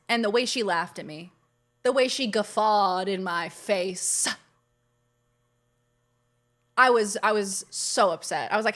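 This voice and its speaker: Speaking at a measured pace with a medium pitch and fairly bright tone, a young woman hosts a casual live game stream. She's chatty and bubbly, and she gushes as viewers arrive.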